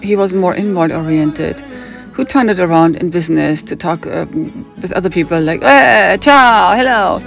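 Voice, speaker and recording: A woman's voice: lowish voice, fairly even intonation, moderate pace, creaky, darkish tone, soft background music. A woman from Hamburg with a German accent telling a rambling personal story, drifting off on tangents and acting out what other people said. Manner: digressive, acts out other people's lines.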